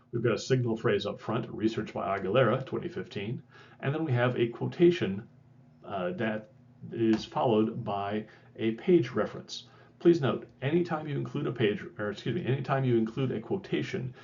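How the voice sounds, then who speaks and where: A man's voice: fairly low pitch, normal speed, vocal fry, darkish tone, lo-fi sound, slight background noise. A man giving a recorded lecture in a conversational way, correcting himself and adding wry asides. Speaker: instructor.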